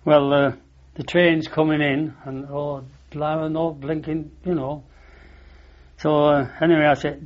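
An older man with a broad Lancashire accent rambles cheerfully through an old anecdote in an interview. His voice sits a little high for a man, and the recording is dull and lo-fi. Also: little pitch movement, unhurried. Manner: chatty, repeats "I said", laughs at his own story.

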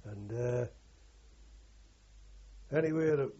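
Recalling his wartime experience, an elderly veteran speaks slowly in a mid-range, dark-toned voice. He wanders in an earthy, rambling oral-history style, fixing his own words as he goes, over dull audio.

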